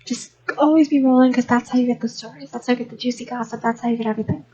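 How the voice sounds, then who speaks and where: Young woman gamer rambling away, high voice but mellow and kinda husky, dull lo-fi mic. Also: level tone, racing. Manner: rambling, chatty, many restarts. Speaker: gaming channel host. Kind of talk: unscripted rambling voice-over over a speedbuild.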